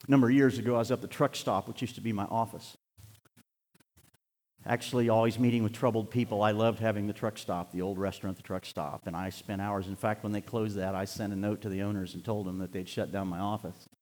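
A man's voice: fairly low pitch, steady tone, quick pace. Older man preaching in a reverberant hall. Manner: impassioned preaching, rising to near-shouts then dropping to quiet storytelling. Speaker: pastor. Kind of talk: sermon. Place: church sanctuary.

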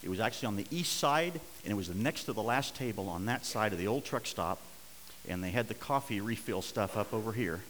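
A middle-aged man preaching a sermon, telling a story and swinging between hushed and loud, urgent passages. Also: lowish voice, animated, fairly quick, long reverb tail, slight background noise, rough recording. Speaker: pastor.

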